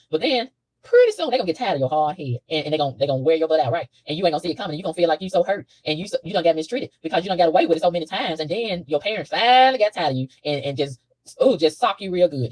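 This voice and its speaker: A low-voiced woman talks fast to camera, swinging her pitch widely as she preaches in a casual, animated way. She laughs often and repeats herself for emphasis. The sound is dry and close. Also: no room sound, rough recording. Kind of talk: casual spiritual monologue to camera. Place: hotel room.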